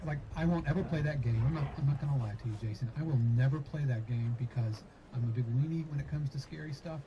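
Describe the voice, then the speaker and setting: A man's voice: fairly high pitch, background noise. A man hosting an interview, asking friendly, rambling questions. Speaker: interview host.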